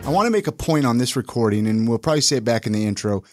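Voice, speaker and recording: Lively, upbeat male podcast host. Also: medium pitch, loud music behind the voice. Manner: upbeat, lively, quick intros with filler restarts. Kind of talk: casual podcast chat.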